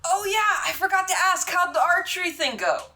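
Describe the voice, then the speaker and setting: A woman putting on a chirpy, high-voiced young man. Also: lively intonation, fairly quick, sharp tone, slight background noise, exaggerated voice. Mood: chipper.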